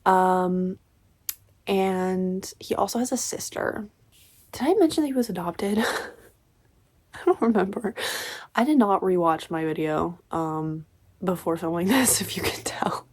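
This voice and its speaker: A young woman reviewing a novel in a casual vlog, sarcastic and exasperated, slipping into quiet whispered asides. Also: lowish voice, expressive, a little slow, pauses often. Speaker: book reviewer.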